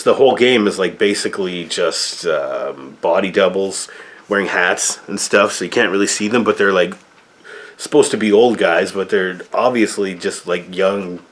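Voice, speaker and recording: A man with a fairly low voice reviews a film in a loose, rambling rant. He sounds exasperated and drops the odd swear word. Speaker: movie reviewer. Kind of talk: casual ranting review.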